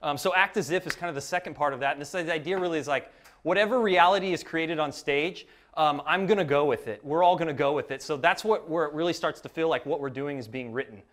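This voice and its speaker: A man's voice: fairly high pitch, fast talker, fairly bright tone. A young man, a creative professional, casually explaining an idea with lots of ums and loose asides. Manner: loose and rambling, frequent ums.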